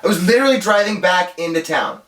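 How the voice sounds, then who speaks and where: A man's voice: high-pitched, quick pace, fairly bright tone, reverberant. A man guest on a podcast telling a story in casual chat, swearing freely and laughing often. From Alaska.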